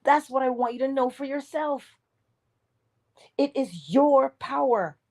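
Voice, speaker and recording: Slow, mellow-voiced woman preaching. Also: high-pitched. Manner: emphatic, preacherly, drops to whispers. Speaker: motivational speaker. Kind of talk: inspirational morning talk.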